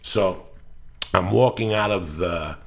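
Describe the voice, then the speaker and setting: A man hosting a casual podcast, telling profane, animated stories and acting out the quotes. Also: low voice, slow pace, creaky. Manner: profane storyteller, acts out quotes. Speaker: podcast host. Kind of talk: casual chat. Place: Los Angeles area.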